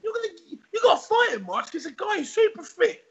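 A man voicing his tough male boxing trainer, who shouts orders with insistent urgency and a husky edge. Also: extremely high pitch, sing-song, fast talker, highs cut off, pitched above the performer's own voice, exaggerated voice. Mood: barking. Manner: barking, insistent, drill-sergeant urgency.

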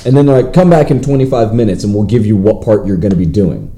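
A man in casual podcast chat, his voice mellow and soft-edged. He swings his pitch widely and jumps high when he acts out what others said. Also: fast. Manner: animated storytelling, acts out quotes in high voices. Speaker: podcast co-host.

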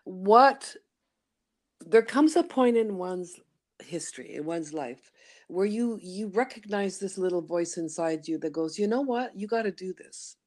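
This middle-aged Canadian woman founded a studio and leads voice workshops, and she's the guest in a conversational interview. Her mid-range voice is lively and a little mellow, moving at a measured pace as she tells her story and acts out her inner voice in playful asides.

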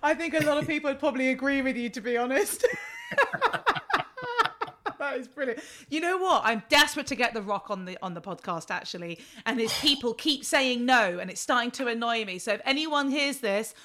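A woman hosts a podcast in a fairly high, bright, forceful voice. She chats easily and laughs readily with her guest. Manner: chatty, quick to laugh. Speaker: podcast host. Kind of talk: casual podcast interview.

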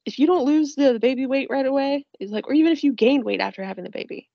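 Woman, casual podcast co-host, higher husky voice, giggly, dry lo-fi sound. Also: fast, dry recording. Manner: giggly, quotes lines in character voices. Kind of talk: casual chat about a movie.

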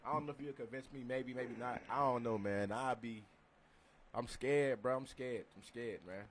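Male podcast co-host, casual and joking, loud when riled, faint hum behind. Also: mid-range voice, moderate pace. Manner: loud, joking, swears freely. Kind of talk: casual chat.

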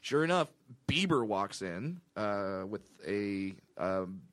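A man's voice: lowish voice, sing-song, slow pace, a bit bright, dry recording. A male comedian hosting a podcast, telling an anecdote in casual chat and laughing often. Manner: anecdotal storytelling, frequent laughter.

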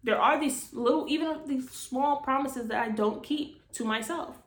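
Woman podcast host, slightly high voice, frank and profane, echoey room. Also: moderate pace. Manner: blunt, frank, swears freely; earnest, repeats phrases for emphasis. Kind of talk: casual motivational talk. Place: indoors, speaking to camera.

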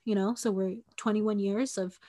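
Speaking at normal speed with a warm, medium-pitched voice and fairly even intonation, a woman in her twenties shares a personal story on a podcast. Her talk is casual and conversational, packed with "like" and fillers, and she acts out people's words.

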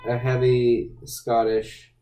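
A man's voice: mid-range voice, monotone, slow pace, mellow, echoey room. A man co-hosting a casual podcast chat, teasing and asking prodding questions. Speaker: podcast co-host.

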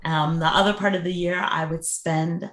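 A woman's voice: lowish voice, steady tone, normal speed, fairly bright tone. A woman, a mother and business coach, answering interview questions in an earnest, thoughtful way with many fillers. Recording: echoey room.

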